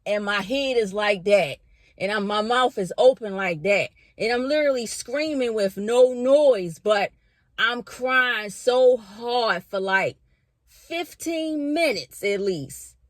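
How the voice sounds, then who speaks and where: A young woman vlogging from her bedroom, telling a spiritual story in a casual, animated way, full of fillers and casual swearing. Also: on the high side, slow, no room sound, clean studio sound. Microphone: camera in a bedroom.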